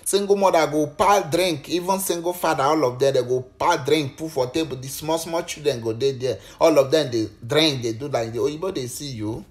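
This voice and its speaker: A man's voice: fairly high pitch, normal speed, few pauses. A Nigerian man speaking Nigerian Pidgin English, giving preachy, repetitive advice in a casual monologue.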